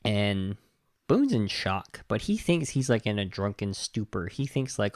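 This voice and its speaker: Male podcast host: low, gravelly, dry sound, animated and indignant. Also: a little slow, dry recording. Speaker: podcast host reviewing a film. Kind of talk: casual film review chat.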